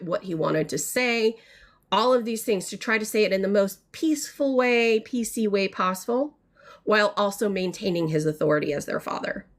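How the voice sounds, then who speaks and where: Woman, thirties, indignant, rambling, frustrated, livestream mic. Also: medium pitch. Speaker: mother telling a family story. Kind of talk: casual storytelling to viewers. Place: home art studio.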